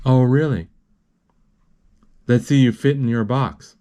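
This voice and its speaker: A man voicing a bossy, haughty young girl from a movie in a halting read. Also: medium pitch, mellow, lightly acted.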